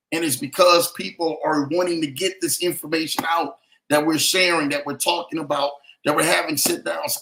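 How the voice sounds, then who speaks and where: Emphatic bright-voiced podcast host man. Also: fairly high pitch, creaky. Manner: emphatic, preachy, repeats phrases for effect. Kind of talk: motivational podcast monologue.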